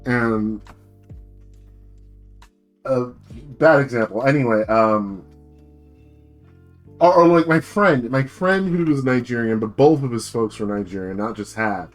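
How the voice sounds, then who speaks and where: A man's voice: medium pitch, a little slow, pauses often, faint music behind. A young American man streaming as a VTuber, rambling through a profane, casual rant full of filler words. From United States.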